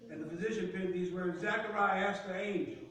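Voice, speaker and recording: A man preaching a sermon in a church sanctuary, with call-and-response delivery that rises to shouts on key lines. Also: high-pitched, fairly even intonation, fairly quick. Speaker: pastor. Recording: echoey church sanctuary from far off.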